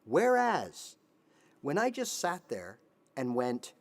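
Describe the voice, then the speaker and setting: A man in his fifties who hosts a guitar channel, giving animated motivational advice on a live stream and now and then singing a line. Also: medium pitch, slow, creaky. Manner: animated, sings snippets, voices his inner brain. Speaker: guitar teacher, channel host.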